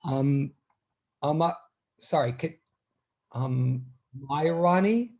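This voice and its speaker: A physics teacher in his fifties chats casually with his class as students join, rambling in a self-deprecating way. His voice is on the high side, brisk, husky, and darkish in tone.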